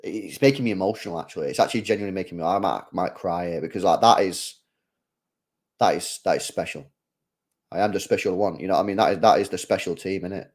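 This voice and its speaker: A man's voice: deep voice, fast. A young man hosting a live football watchalong, chatting casually with viewers in slang and rambling with restarts. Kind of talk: casual live match commentary.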